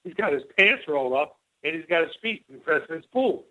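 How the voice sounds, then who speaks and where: A man's voice: a little high, lively intonation, fairly quick, background noise. Man telling stories over a tinny phone line. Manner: rambling anecdotes, acting out both sides of dialogue. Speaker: interview guest, former White House officer. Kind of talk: casual storytelling interview.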